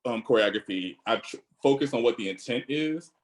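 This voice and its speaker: A man's voice: mid-range voice, animated, a little fast, rough recording. Virginia guy on a video call panel, earnest, lots of restarts. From Virginia, USA. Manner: earnest, thinking aloud with restarts. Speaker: choreographer panelist. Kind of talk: online panel discussion.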